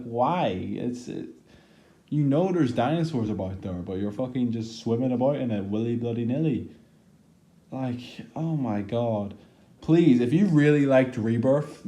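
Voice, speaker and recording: A man's voice: mid-range voice, warm tone. Exasperated guy ranting a review. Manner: exasperated, profane, lots of "like" fillers. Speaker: movie reviewer.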